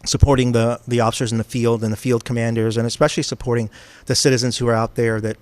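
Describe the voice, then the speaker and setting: Fast-talking male host, dry sound. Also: medium pitch, level tone, a little mellow, dry recording. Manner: quick, upbeat, affirming interjections. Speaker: interview host. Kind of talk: casual interview.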